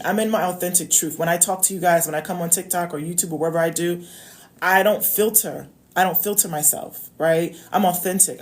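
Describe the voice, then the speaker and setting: Her voice is fairly low and a little mellow. Speaking directly to her viewers, this woman, a love coach, gives casual, chatty advice, repeating key phrases and frequently adding "okay?" to check in.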